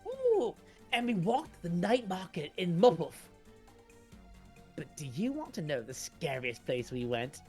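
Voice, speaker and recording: A woman's voice: fairly low pitch, big pitch swings, measured pace, a little mellow, faint music behind. Woman doing a sailor dad spinning tales. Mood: boastful. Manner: hesitant storytelling, stumbling over names. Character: seafaring father back from a voyage, man. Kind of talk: comic read-along voice acting.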